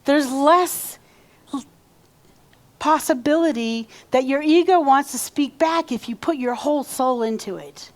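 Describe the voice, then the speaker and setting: A woman minister delivers a sermon in a relaxed, conversational way, stopping to lead her congregation through repeated affirmations. Her voice sits a little high for a woman. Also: measured pace. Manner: conversational, leads call-and-response affirmations. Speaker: reverend. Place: church sanctuary.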